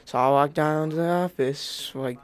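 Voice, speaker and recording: Excitable young man rambling through a story. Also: on the high side, moderate pace, clear, resonant tone. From Indiana, US. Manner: rambling, excitable, restarts often. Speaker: YouTuber. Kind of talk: casual storytelling.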